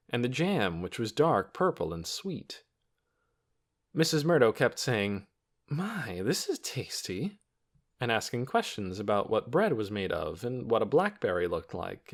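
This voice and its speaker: A man narrating a children's novel audiobook in an expressive storytelling manner. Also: on the low side. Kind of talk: scripted narration.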